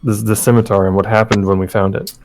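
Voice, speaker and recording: A man's voice: fairly low pitch, level tone, fast talker, a little mellow, soft background music. A man playing in a tabletop game who talks hesitantly with many fillers. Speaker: player.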